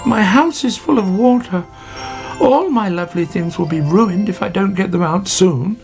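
A man voicing a fussy, flustered old female rabbit in a storybook, pleading in a raised, fretful voice with a gravelly edge. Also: sits high, moderate pace, darkish tone, soft background music, pitched above the performer's own voice. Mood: distressed.

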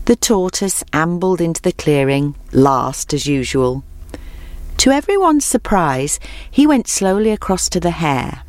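A woman telling a children's storybook tale in a clear, gentle, measured way. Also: fairly low pitch, sing-song, dry recording.

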